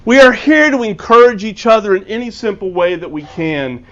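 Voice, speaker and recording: Speaking to a club, this author tells a story earnestly and performs the characters' dialogue. His voice is high, animated and fairly bright at a moderate pace, captured in dull lo-fi quality.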